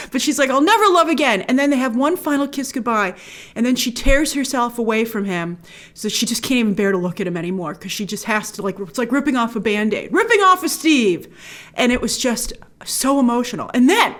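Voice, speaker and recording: Gushing woman reviewing a film. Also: a little high. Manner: gushing and animated, jumps into quick quoted asides. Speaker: movie review host. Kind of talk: casual spoken film review.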